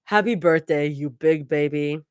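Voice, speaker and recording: A woman reading aloud, voicing a gruff, deadpan young woman in a lowered voice. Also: measured pace, dry recording, studio quality.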